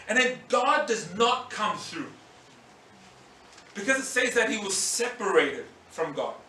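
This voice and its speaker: Animated pastor. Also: male voice, very high voice, normal speed, slight background noise. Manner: animated, acts out scenes and voices. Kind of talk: sermon. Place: church hall. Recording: echoey hall, mic at a distance.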